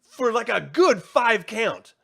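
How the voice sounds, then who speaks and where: A man co-hosting a casual review podcast, talking in an animated, profane way and acting out characters' lines. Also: extremely high pitch, slow pace, vocal fry. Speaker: podcast co-host.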